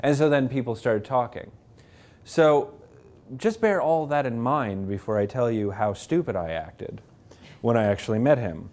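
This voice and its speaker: A man, an author, telling lively self-mocking stories to an audience at a library talk, acting out the people he quotes. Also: medium pitch, normal speed. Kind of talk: anecdotal storytelling to a live audience. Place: public library event room.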